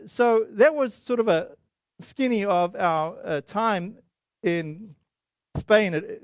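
A man with a high voice preaching a sermon, moving between Bible verses, a lively story and quiet prayer. He talks in an animated way and acts out the voices he quotes. The sound is dry and slightly dull, with no room echo. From Boston area.

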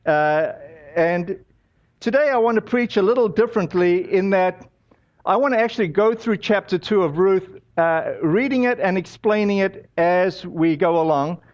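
Pastor, male, higher voice, chatty sermon delivery full of "uh"s, muffled lo-fi church recording. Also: moderate pace. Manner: conversational storytelling with many fillers.

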